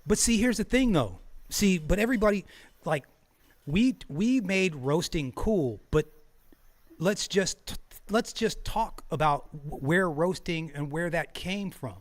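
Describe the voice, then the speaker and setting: A man's voice: sits high, animated, unhurried. A man hosting a streamed talk show, speaking casually and profanely, getting heated, laughing often and stumbling over repeated words. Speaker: podcast host.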